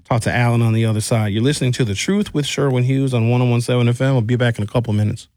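A man with a Wisconsin accent hosting a radio talk show from a studio mic, telling stories in a joking, animated way. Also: mid-range voice, racing, no room sound. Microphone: studio microphone.

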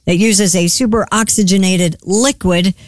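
A woman co-hosting a morning radio show, reading news items in a steady delivery. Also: medium pitch, normal speed, no echo.

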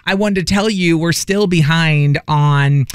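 A man's voice: a little high, unhurried, a little hiss or hum. A radio morning show co-host in his forties, chatting casually on air and acting out family conversations as he tells a story. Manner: storytelling, acts out family dialogue. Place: radio studio.

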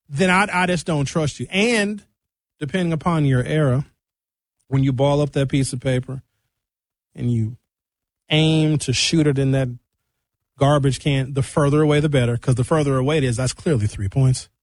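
A man hosting a radio show in casual chat, talking in animated, rambling comic riffs from a studio microphone. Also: on the high side, no room sound.

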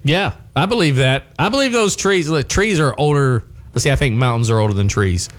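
A man's voice: mid-range voice, lively intonation, a little fast. A man hosting a morning radio show, bantering in a joking way and laughing often.

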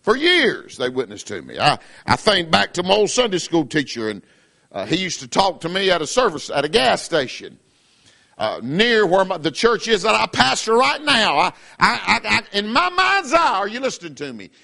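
A man's voice: sits high, sing-song, moderate pace, creaky, pushed and bright. A middle-aged man preaching a fiery sermon as pastor, in an emphatic, repetitive cadence.

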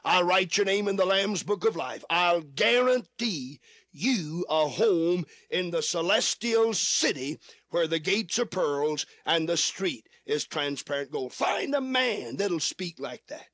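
High, fervent male radio preacher. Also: lively intonation, unhurried, no echo. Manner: fervent, repetitive, rising to shouts. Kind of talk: radio sermon. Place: studio.

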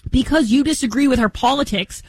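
A woman's voice: high-pitched, brisk, a little mellow, slightly rough, dry recording, low-quality recording. Woman cohost ranting on a podcast, fired up, keeps restarting, dry close mic. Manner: impassioned, rambling, frequent restarts. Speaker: co-host. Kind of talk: opinionated podcast commentary.

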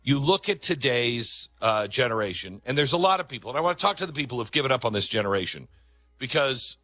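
A man delivering a commentary monologue in a bright, forceful voice that rises and falls a lot. He talks emphatically, in a conversational way, and leans on dramatic pauses. The sound is close and dry. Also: mid-range voice, big pitch swings, no echo. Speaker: talk show host.

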